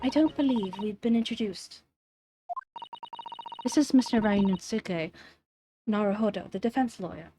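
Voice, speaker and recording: A woman's voice: mid-range voice, normal speed, pauses often, music in the background, lightly acted. A woman voicing an earnest, formal young woman who works as a legal assistant, reading game lines aloud. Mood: polite.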